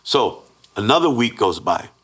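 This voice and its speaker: A man with a somewhat low voice tells his own story as a guest, candid and plain-spoken. He keeps checking in with his listener and slips into the voices of the people he quotes. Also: very animated, unhurried, fairly bright tone, slightly rough. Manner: earnest storyteller who acts out the quoted voices; plain-spoken with frequent restarts and 'right?'. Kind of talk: candid personal testimony.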